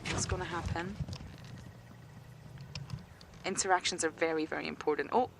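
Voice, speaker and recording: A woman's voice: sits low, fairly even intonation, moderate pace, gravelly, slight background noise. A woman safari guide giving chatty live wildlife commentary outdoors on a game drive, often laughing and dropping to a whisper near the animals.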